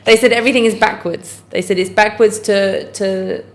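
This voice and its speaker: A woman chats with her co-host on a podcast. She tells stories in an animated, playful way and pokes fun at herself. Her voice sits at an ordinary middle pitch. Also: normal speed, slight background noise. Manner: chatty, animated storyteller, self-mocking. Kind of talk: casual chat.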